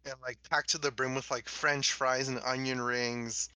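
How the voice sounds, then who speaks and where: Bright-voiced young man, casual chat. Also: medium pitch, little pitch movement, clean tone, no echo, poor audio. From Los Angeles area. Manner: laid-back, many fillers, quick bursts.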